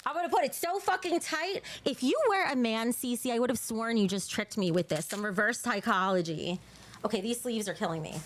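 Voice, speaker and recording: A woman's voice: a little high, fairly quick, slight background noise. A woman hosting a casual livestream, talking to her chat in a crude, joking, bubbly way, sometimes out of breath. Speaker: livestream host.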